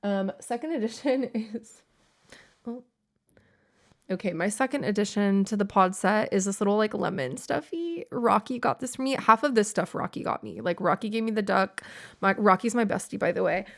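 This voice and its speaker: A woman's voice: mid-range voice, normal speed. A young woman hosting a podcast, chatting casually and gushing over little keepsakes, with lots of "like" in her talk. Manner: bubbly, gushing, heavy use of "like". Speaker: podcast host. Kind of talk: casual chat.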